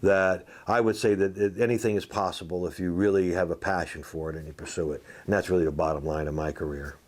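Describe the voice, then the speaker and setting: A man and former football player telling salty, animated anecdotes in a casual interview, full of fillers. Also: sits low, fast talker. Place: outdoors at a golf tournament.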